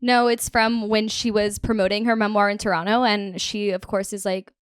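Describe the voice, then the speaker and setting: A woman's voice: medium pitch, little pitch movement, normal speed, smooth, no room sound, studio quality. A woman in her twenties co-hosting a podcast, chatting casually and giggling through a rambling recap. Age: 20s. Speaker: podcast co-host. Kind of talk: casual chat.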